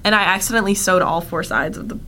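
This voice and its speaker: A young woman co-hosting a podcast, chatting casually with quick, expressive reactions. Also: mid-range voice, a little hiss or hum. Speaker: podcast co-host. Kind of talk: casual chat.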